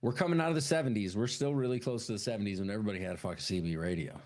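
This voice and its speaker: A man co-hosting a podcast, retelling a film in casual, profane chat and jumping into quick high voices for its characters. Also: a little mellow. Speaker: podcast co-host.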